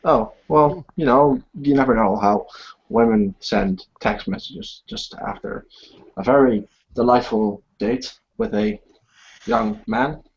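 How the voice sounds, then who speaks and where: A player voicing a scheming creature villain who dodges questions in a gravelly, breathy voice, on a muffled lo-fi recording. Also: slow. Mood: smarmy. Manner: evasive, swooping pitch jumps.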